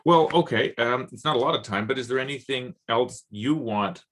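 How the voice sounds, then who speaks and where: A man from Canada with a Southern Ontario accent, hosting a casual interview and talking in halting, restarting phrases. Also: mid-range voice, a bit bright. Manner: halting, many restarts and fillers. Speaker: podcast host.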